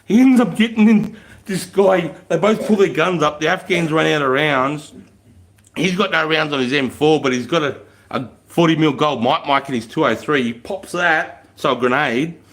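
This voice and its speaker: A man's voice: on the high side, normal speed, fairly bright tone. An Australian man in his forties, a retired soldier hosting a casual livestream, chatting with viewers, swearing freely and laughing often. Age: 40s.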